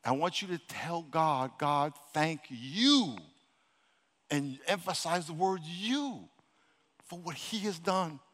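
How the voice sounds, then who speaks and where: A male pastor delivers a sermon from the stage, pushing his congregation with blunt, repeated questions and calls to pray out loud. His voice sits high and bright, close to a microphone. Behind him the big church hall rings with long reverb. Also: unhurried. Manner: exhorting, repeats himself, Southern-leaning casual speech. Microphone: handheld or stage microphone.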